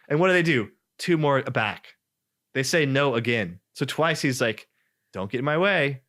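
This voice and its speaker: A man co-hosting a casual podcast chat, telling a story in an animated way and acting out quoted voices. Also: mid-range voice, normal speed. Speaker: podcast co-host.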